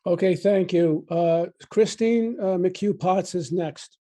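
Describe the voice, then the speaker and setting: A woman chairing a committee meeting, calling speakers and keeping time politely and briskly. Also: fairly low pitch, dark tone.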